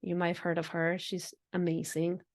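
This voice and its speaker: A woman's voice: on the low side, completely flat delivery, moderate pace. Earnest woman musing on spirituality. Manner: earnest, repeats phrases, laughs often. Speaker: podcast host. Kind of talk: reflective spiritual monologue.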